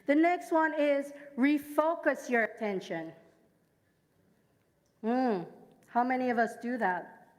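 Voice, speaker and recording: High-voiced Jamaican woman preaching. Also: slow pace, long pauses, long reverb tail. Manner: engages the congregation, asks them to repeat lines; personal storytelling. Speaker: speaker at a church service. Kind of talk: sermon.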